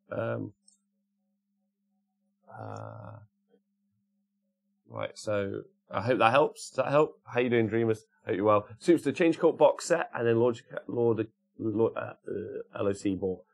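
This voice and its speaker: A man's voice: fairly low pitch, animated, unhurried, gravelly, long pauses. A man hosting a casual livestream, rambling and chatting while greeting viewers by name. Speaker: livestream host. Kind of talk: casual chat reading live comments.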